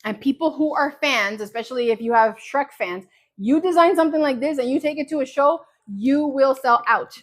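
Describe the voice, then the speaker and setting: Woman host, casual craft livestream, slightly high voice, animated storyteller. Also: moderate pace. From New Jersey.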